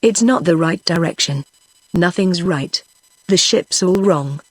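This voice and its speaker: A woman's voice: lowish voice, unhurried, no echo. A text-to-speech woman voice reading the lines of a fussy, knowing male talking parrot in a storybook. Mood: instructive. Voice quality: even synthetic voice.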